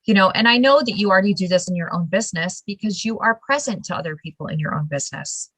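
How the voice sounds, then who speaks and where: A woman host talks in a lively, emphatic manner through a casual interview, with a medium-pitched voice. Her voice sounds dry and close, with no room around it. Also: fast talker, slightly rough, dry recording, low-quality recording. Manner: animated, emphatic storytelling with laughs. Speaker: show host.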